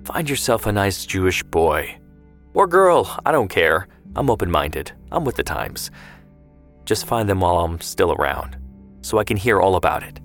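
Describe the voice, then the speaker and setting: A man reading the part of a sharp-tongued, affectionate grandfather in a story, in plain banter. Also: low voice, big pitch swings, normal speed, soft background music. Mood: tender. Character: feisty, teasing grandfather, older man.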